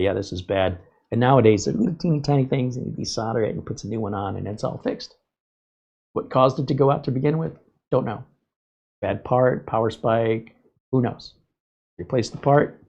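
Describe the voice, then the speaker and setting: A man's voice: fairly low pitch, gravelly, a little mellow. A man hosting a live tech stream, talking in a rambling, conversational way and laughing often. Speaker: host.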